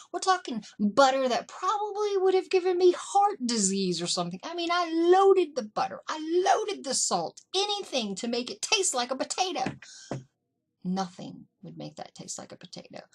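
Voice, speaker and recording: Animated middle-aged woman telling family stories. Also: high voice. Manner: animated, acts out family members in quotes. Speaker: vlogger. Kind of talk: casual storytelling. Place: indoors.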